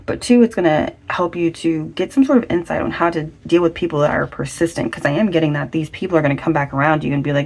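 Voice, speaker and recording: A woman's voice: low voice, quick pace, hardly any pauses, a little mellow. A woman giving a casual pick-a-card tarot reading, chatty and slangy, with lots of affirming fillers. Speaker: tarot reader.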